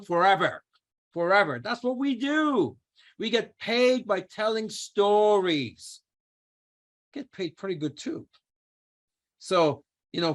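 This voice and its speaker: A middle-aged man giving an energetic motivational training talk, coaching his audience and repeating key phrases for emphasis. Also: high voice. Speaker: network marketing trainer.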